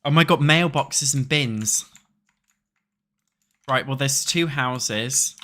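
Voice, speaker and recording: A young man with a British accent talks loosely to his viewers as he plays, rambling and cursing between tasks. His voice is bright and sits at an ordinary middle pitch, close on a desk mic. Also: takes it slowly. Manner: chatty, swears freely, talks to chat. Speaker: streamer. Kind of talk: casual chat while playing a building game.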